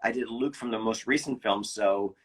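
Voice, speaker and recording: A man, a voice actor, telling animated behind-the-scenes anecdotes in a casual interview, with quick restarts. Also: lowish voice, slightly rough. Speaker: voice actor guest.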